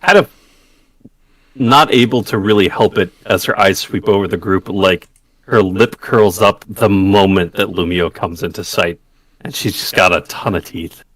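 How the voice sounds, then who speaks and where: A man describes his character's actions in a tabletop game at an unhurried pace. His voice sits low and the recording is dry and close. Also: fairly bright tone, dry recording. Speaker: player.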